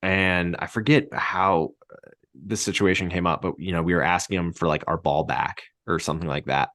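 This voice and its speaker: A man speaking as a podcast guest in casual chat, a coach who talks with halting starts. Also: low voice, fairly even intonation, a bit bright, no echo, clean studio sound. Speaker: guest, assistant football coach.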